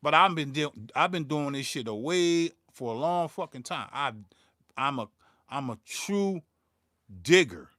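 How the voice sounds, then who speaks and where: A man's voice: fairly high pitch, animated, measured pace, fairly bright tone, no room sound, clean studio sound. A man, hosting his own beatmaking channel and ranting in a profane, heated way, stumbling and repeating words as he gets worked up. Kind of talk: livestream rant.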